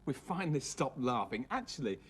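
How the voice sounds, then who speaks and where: A man's voice: mid-range voice, sing-song, brisk, loud music behind the voice. A man presenting and narrating a children's puppet show in a playful storytelling way. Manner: playful, storytelling, prone to giggling fits. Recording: hissy old tape.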